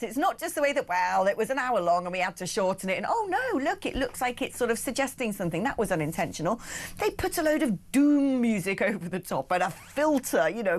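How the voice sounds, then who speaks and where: A woman from the West Country hosting a talk radio show, chatty and sarcastic. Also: a little high. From West Country of England. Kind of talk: opinionated talk radio chat.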